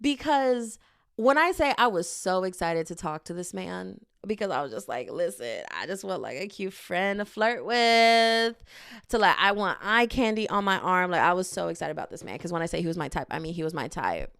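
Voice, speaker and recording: A woman's voice: fairly low pitch, normal speed, vocal fry, clean tone, no room sound, studio quality. A young woman, hosting her podcast and telling a laughing, dramatic story about dating in a casual rant. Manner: animated, laughing, dramatic quoted asides. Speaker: podcast host.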